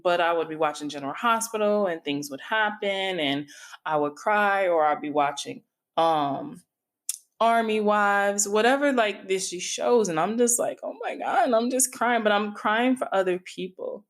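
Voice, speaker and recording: At a normal speed and medium pitch, a middle-aged woman talks through her solo podcast. As host and coach, she reflects openly and confidingly while speaking right to her listeners.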